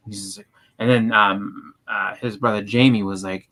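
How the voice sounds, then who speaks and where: A man's voice: on the low side, fairly even intonation, moderate pace, a bit bright, rough recording. A man co-hosting a casual chat, rambling with many restarts and fillers. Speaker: co-host.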